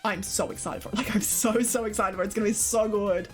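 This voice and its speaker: A woman's voice: medium pitch, steady tone, fast, faint music behind. A young Australian woman streaming, chatting loosely with her chat, swearing freely and laughing often. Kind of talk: casual chat with live chat.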